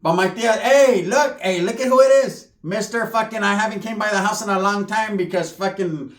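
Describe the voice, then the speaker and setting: A man voicing a loud, crude middle-aged aunt who teases and bosses her nephew. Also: high voice, moderate pace, echoey room, lightly acted. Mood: teasing. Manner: brash, crude, scolding.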